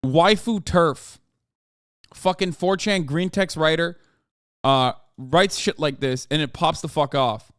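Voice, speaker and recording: An American man in his thirties rants on a livestream, cursing freely and sounding fed up. His voice sits high and comes across smooth and clean. The sound is dry and close, with no room around it. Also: slow, a bit bright, dry recording. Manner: profane, exasperated ranting. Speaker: political commentary streamer. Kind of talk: livestream commentary.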